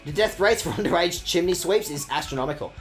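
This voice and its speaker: Talking fast and animated over faint background music, a game streamer delivers rambling, casual let's-play commentary. They swear, make crude jokes about themselves, and let their pitch swing widely.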